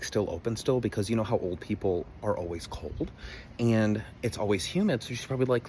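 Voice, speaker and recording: A man's voice: lowish voice, a little mellow, a little hiss or hum. A young man rambling through a comedic personal story to camera, exaggerated and full of asides. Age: young adult.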